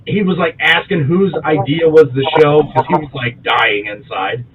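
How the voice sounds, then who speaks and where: A man co-hosting a podcast in loose, profane casual chat, animated and quick to laugh. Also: fairly high pitch, narrow, tinny audio, crowd noise. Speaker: podcast co-host.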